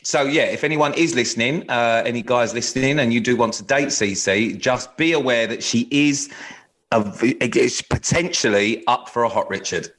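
A man trading casual podcast banter at a mid-range pitch. He is cheeky and self-mocking, and he swears freely and laughs between lines. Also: normal speed, fairly bright tone. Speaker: podcast co-host.

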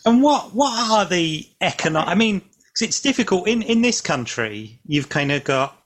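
A man's voice: sits high, sing-song, moderate pace, fairly bright tone. A man interviewing a director, asking long, searching questions with hesitant restarts.

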